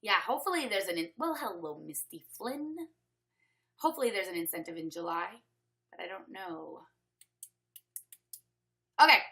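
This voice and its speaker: A woman's voice: medium pitch, big pitch swings, normal speed, long pauses, sharp tone. A Canadian woman hosting a casual online sales training over webcam, chatty and upbeat, reading names from the chat as she talks.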